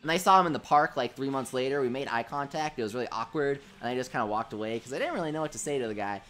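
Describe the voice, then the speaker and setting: A young man hosting a casual gaming livestream. He tells childhood stories in an animated way, says "dude" a lot and laughs at his own jokes. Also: medium pitch, very fast. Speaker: livestream host.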